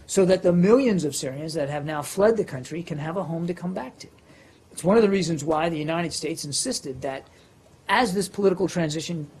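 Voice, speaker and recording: A man's voice: on the high side, a little mellow, breathy edge. A man briefing reporters as a government spokesperson, answering questions with many fillers and restarts.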